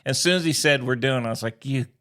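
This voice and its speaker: A man's voice: medium pitch, fast, fairly bright tone. A middle-aged man co-hosting a podcast, telling a profane, ranting story in casual chat. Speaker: podcast co-host.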